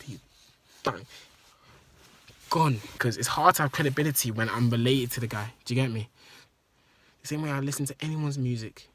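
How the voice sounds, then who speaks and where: A man's voice: mid-range voice, fairly bright tone. A man telling an emotional story in a rambling, profane monologue that repeats itself. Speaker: vlogger.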